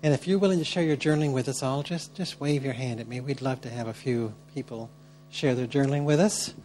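Male workshop leader, warm-hearted and encouraging, mid-pitched, slight hum. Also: fast talker. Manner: gentle and encouraging, upbeat when calling on people. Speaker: teacher leading a church workshop. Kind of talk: guiding prayer and group sharing.

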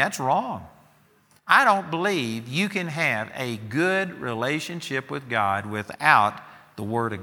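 Man, preacher, sermon, emphatic storyteller, very bright voice, long hall reverb. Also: fairly high pitch. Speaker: preacher teaching students.

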